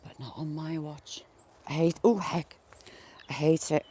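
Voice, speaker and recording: This smallholder live-streams from a yard next to a field, casually chatting with viewers and animals over chores, with some mild swearing and birds and chickens in the background. Medium in pitch, the voice is warm and slightly rough, keeping a measured pace and fairly even intonation.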